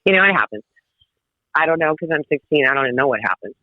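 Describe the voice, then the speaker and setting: Lively woman telling stories on a phone line. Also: low-pitched, fast talker, no echo. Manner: lively, laughing, swearing freely. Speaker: guest. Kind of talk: casual storytelling. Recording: tinny phone-like line, dry.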